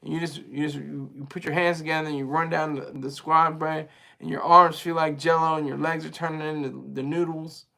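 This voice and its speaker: A man with a somewhat high, gravelly voice hosts a casual livestream and talks straight to his viewers. He rambles in a chatty way and is quick to laugh. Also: flat delivery, bright, forceful tone. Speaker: livestream host reading viewer chat.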